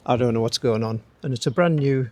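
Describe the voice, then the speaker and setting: This DIY channel host, a middle-aged man, narrates a casual how-to out in his garden workspace while light rain falls, full of jokey asides and tags such as "eh?" and "don't you?". He talks a little fast in a mid-range voice, and the recording is very noisy.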